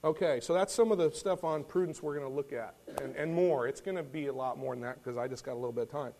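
A middle-aged man gives a casual, story-driven sermon with a folksy, rambling delivery. He repeats words, restarts his sentences and clears his throat now and then. His voice sits a little high for a man. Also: fast talker, warm tone, slight background noise. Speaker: lay preacher. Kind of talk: conversational sermon with personal story.

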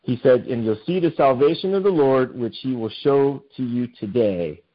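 A man's voice: medium pitch, expressive, normal speed. A man giving an informal sermon, reading scripture aloud and then explaining it in a conversational way with many fillers. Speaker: pastor. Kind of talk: informal Bible study sermon. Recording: dull lo-fi sound.

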